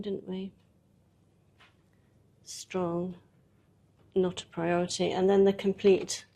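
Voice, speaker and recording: A woman's voice: medium pitch, creaky, mellow. A woman presenting a live workshop, talking a volunteer through a hands-on demonstration in a chatty way with frequent laughs.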